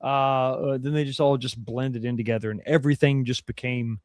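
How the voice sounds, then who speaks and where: A man's voice: medium pitch, fairly even intonation, fairly quick, dry recording. A man co-hosting a podcast, chatting casually in a thoughtful, opinionated way, often hedging and restarting. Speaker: podcast co-host. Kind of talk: casual chat.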